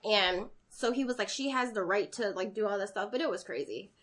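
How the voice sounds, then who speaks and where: A young woman in casual conversation, telling a long story in an animated way and acting out the people in it. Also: medium pitch, a little fast. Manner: animated, acts out voices in her stories.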